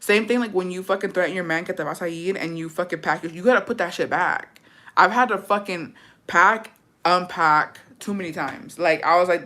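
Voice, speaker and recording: A woman's voice: fairly low pitch, brisk, pushed and bright. Chatty, profane young woman storyteller. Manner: profane, chatty, mixes in Spanish words. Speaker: livestreamer. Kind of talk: casual storytelling chat.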